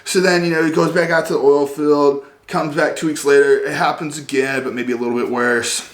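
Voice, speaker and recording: A man's voice: fairly high pitch, steady tone, a little fast. A man ranting as a vlogger, rambling and sarcastic, loaded with fillers. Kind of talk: comedic rant. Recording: roomy echo.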